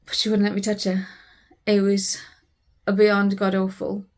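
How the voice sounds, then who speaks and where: A woman's voice: mid-range voice, completely flat delivery, moderate pace, a little mellow. A British woman, a family vlogger, earnestly retelling a frightening family emergency in a personal storytelling vlog.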